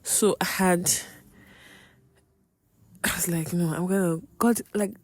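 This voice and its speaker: A young woman hosting a podcast, telling a personal faith testimony in an expressive way, with sudden exclamations. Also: lowish voice, slow, dry recording. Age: young adult. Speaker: podcast host.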